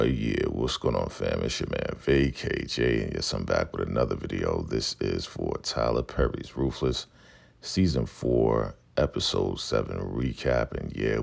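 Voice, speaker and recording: A man's voice: a bass voice, expressive, unhurried, gravelly. A man hosting a casual vlog, chatting through a drama episode and acting out the scenes. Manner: chatty, acts out scenes in voices. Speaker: recap host.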